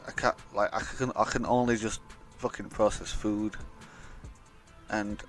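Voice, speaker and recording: A man's voice: lowish voice, fairly even intonation, a little slow, fairly bright tone, faint music behind. A young man telling a rambling, blunt, sweary story in a casual vlog. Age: young adult. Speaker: vlogger.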